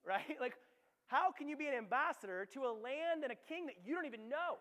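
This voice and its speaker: A man's voice: extremely high pitch, animated, normal speed, a bit bright, big-room sound. A young adult man preaching a sermon as pastor, conversational and then emphatic, with frequent tag questions. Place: church.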